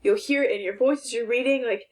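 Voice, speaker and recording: Female teacher, slightly high voice, slow, clear delivery for young kids, asks questions and gives praise. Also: a little mellow. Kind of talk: phonics and grammar lesson for young children.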